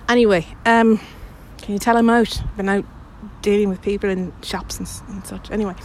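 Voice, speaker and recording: A woman's voice: medium pitch, steady tone, a little fast, hardly any pauses, a little mellow, slight background noise. A young woman who makes audios, chatting with her listeners in a rambling, self-deprecating way full of fillers. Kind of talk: casual chat to listeners. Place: recorded outside.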